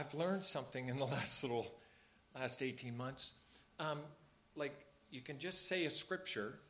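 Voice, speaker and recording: A man's voice: medium pitch, a bit bright. Earnest man leading a church service. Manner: earnest and conversational, repeats phrases for emphasis. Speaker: church leader. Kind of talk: informal talk at a church service.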